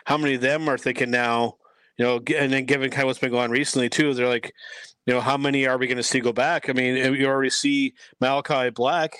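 A man's voice: mid-range voice, fairly even intonation, fast talker, fairly bright tone, smooth, no room sound. A man giving his views as a guest in a casual podcast chat, rambling with many restarts. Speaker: guest commentator.

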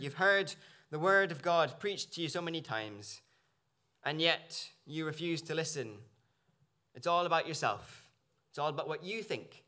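Man, preacher, earnest sermon delivery, bright slightly high voice. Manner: earnest, searching, with small restarts. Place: church.

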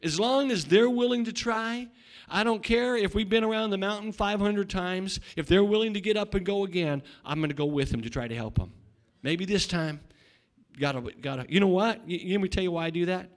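A middle-aged male pastor preaching a sermon, swinging between loud shouting and quiet asides, often repeating words and restarting. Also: high-pitched, brisk.

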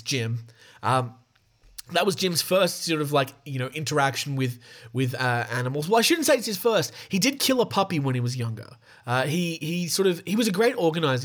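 A young man tells a true-crime story on his podcast in a fairly high voice. He reads prepared passages, then breaks off into casual, swearing asides. The delivery stays loose and conversational throughout. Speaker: podcast host.

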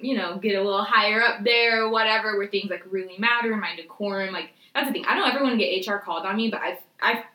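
A woman's voice: medium pitch, quick pace, hardly any pauses, pushed and bright, roomy sound, low-quality recording. A young woman in casual chat who speaks bluntly and swears freely.

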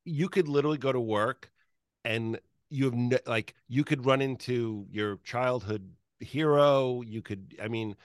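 Rambling, eager interview host, dry sound. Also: male voice, mid-range voice, unhurried, dry recording. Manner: enthusiastic, rambling with fillers. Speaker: podcast host. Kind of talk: casual interview chat.

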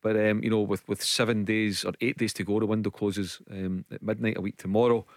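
A male football pundit speaks on a studio radio show. His voice is on the low side and close-miked and dry. He talks in measured terms and often repeats words as he goes. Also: level tone, dry recording. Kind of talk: casual radio sports chat.

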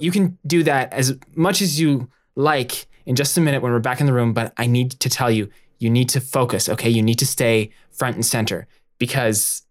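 A man's voice: mid-range voice, natural voice. A player voicing a worn-out young woman ghost hunter in a tabletop role-play, talking in an urgent, clipped way.

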